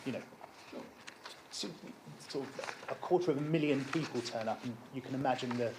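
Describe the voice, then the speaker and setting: Man, mid-pitched, measured explanation, faint hiss behind. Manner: measured, repeats words when starting sentences. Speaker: applicant at a licensing hearing. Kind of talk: formal explanation at a council hearing.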